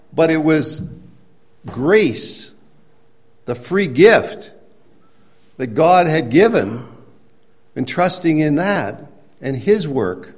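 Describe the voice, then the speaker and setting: A man preaching a sermon, explaining scripture in a conversational way and rising to emphatic, near-shouted points. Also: a little high. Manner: conversational with restarts and everyday examples. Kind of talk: sermon teaching.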